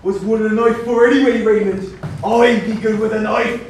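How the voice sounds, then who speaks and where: A man's voice: high voice, fairly even intonation, normal speed, slight background noise, lightly acted. A man playing a brash, bullying boy. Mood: goading. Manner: goading, brash. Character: boastful, bullying young boy. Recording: echoey stage from far off.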